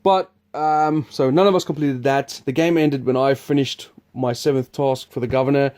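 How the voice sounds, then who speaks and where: A man's voice: medium pitch, steady tone, normal speed, a little mellow. A man hosting a board game preview, explaining the game in a rambling, chuckling, casual way. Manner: rambling, chuckling, restarts sentences.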